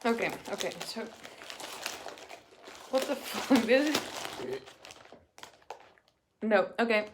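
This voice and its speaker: An excitable woman talks slowly and a little high as she chats her way through a casual food vlog, swearing freely. Faint background noise sits under her voice. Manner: excitable, swears, frequent laughter. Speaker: vlogger.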